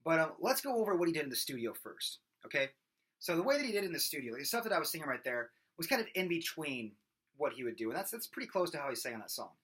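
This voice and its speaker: A man's voice: on the high side, very animated, fast talker, husky. A man giving a casual singing lesson, explaining in a loose, rambling way with plenty of fillers and restarts. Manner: loose, rambling explanations broken by loud belted and screamed sung examples. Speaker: vocal coach.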